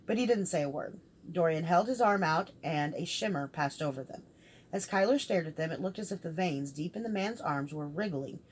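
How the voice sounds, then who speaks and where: A woman narrating a fantasy novel aloud, reading all the characters in one steady voice. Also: low-pitched, slight background noise. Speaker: audiobook reader. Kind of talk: scripted narration.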